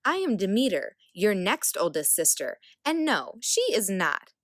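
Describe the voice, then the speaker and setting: A woman's voice: medium pitch, very animated, a little slow, fairly bright tone, no echo, clean studio sound. A woman voicing a contrary, gloomy goddess sister who snaps and wails in a storybook reading. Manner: snappy, whiny.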